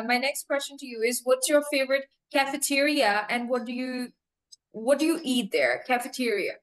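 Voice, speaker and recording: A woman teacher with a fairly high voice runs a mock speaking exam. She asks each question patiently, rephrases and spells words out when needed, and laughs easily between answers. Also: rough recording. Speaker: English teacher acting as examiner.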